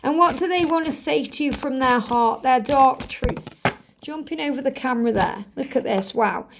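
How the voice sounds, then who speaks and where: A woman hosting a spiritual tarot card reading, speaking in an earnest, gently emphatic way and often repeating her phrases. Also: high-pitched, moderate pace, gravelly, background noise. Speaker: tarot reader.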